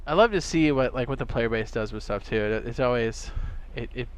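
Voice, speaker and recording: A young man casually chatting on a gaming live stream, excitable and chatty, tossing in playful sound effects. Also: medium pitch, fairly quick, smooth.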